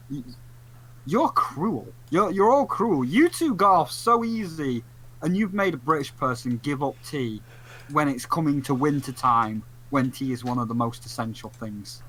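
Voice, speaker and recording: A man hosting a podcast with a bright, forceful voice and a lively swing in pitch. He jokes around and drops theatrical asides, with a faint hiss of noise behind him. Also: poor audio. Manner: animated, joking, theatrical asides. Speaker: podcast host. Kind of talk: casual podcast chat.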